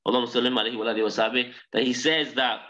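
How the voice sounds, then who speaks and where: A man teaching a live online religious class. He tells stories in an animated way and recites Arabic phrases quickly. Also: medium pitch, dull audio.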